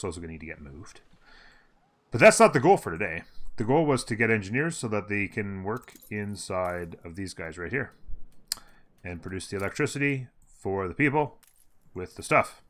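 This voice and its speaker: A man hosts a gameplay video, talking casually at his desk microphone as he plays. His voice sits low yet sounds bright and sharp, and his pitch rises and falls widely. He thinks aloud with fillers and corrects himself mid-sentence.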